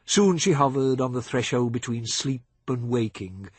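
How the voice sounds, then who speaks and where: A man reading a novel aloud as audiobook narrator, measured and expressive, on a close studio mic. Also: mid-range voice, breathy edge, no room sound.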